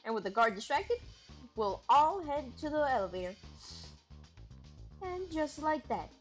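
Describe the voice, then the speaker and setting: A woman's voice: high voice, big pitch swings, unhurried, faint music behind. Giggly, swearing woman streamer. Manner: giggly, swears freely, riffs on jokes. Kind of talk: casual gameplay commentary.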